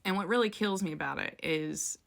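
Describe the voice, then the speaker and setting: A young woman vlogger talking to camera, halting and close to tears, with many fillers and restarts. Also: fairly low pitch, vocal fry, a bit bright. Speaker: vlogger and coach. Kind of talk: emotional personal talk to camera.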